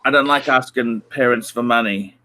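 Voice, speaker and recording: A man's voice: medium pitch, normal speed, bright, forceful tone. A middle-aged man hosting a casual livestream chat, rambling and repeating his phrases with lots of fillers. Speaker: livestream host.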